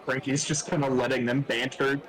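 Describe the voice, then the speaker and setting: A man playing a tabletop game, relaxed and dry in his humor. His voice sits mid-range, with a faint murmur of crowd behind. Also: medium pitch, a little fast, rough recording. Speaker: player.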